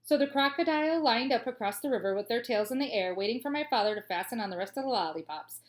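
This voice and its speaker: A woman teacher reading a children's storybook aloud with clear, expressive storytelling and playful asides. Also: on the high side, quick pace.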